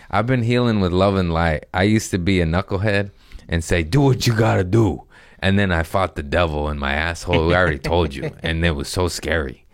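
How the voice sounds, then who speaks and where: A man's voice: low voice, no room sound, studio quality. A man hosting his own podcast in a rambling, comedic monologue, joking, swearing and laughing often at himself. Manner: joking, profane, self-mocking, laughs often. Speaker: podcast host. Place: his apartment.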